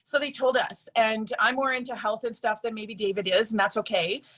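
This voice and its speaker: A woman's voice: on the high side, steady tone, normal speed, a bit bright. A woman giving a personal testimonial to a group, chatty and earnest, with lots of fillers.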